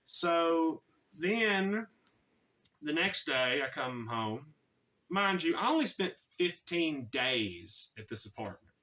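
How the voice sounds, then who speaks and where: A man's voice: a little high, very animated, slow pace, bright, forceful tone, far from the mic. A man telling a personal story in a casual, chatty way, full of slang.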